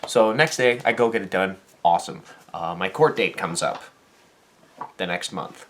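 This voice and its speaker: A young man with a very deep, low voice tells a story in a casual vlog. He acts out each person in it with lively energy, and he grows quiet and sincere when the talk turns serious. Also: moderate pace. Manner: animated, acts out quoted people in the story; turns soft and earnest on serious topics. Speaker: vlogger and dance teacher.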